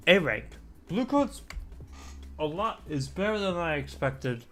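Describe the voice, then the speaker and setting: A man's voice: fairly high pitch, sing-song, a little slow, fairly bright tone, soft background music. A man streaming a casual chat, talking in a rambling, chatty way with asides and mild swearing.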